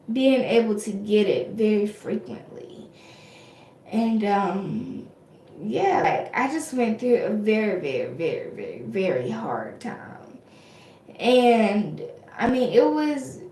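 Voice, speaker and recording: A woman's voice: on the high side, a little mellow. A young adult woman vlogger telling a personal story in a chatty, casual way, with many fillers and restarts. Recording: echoey room.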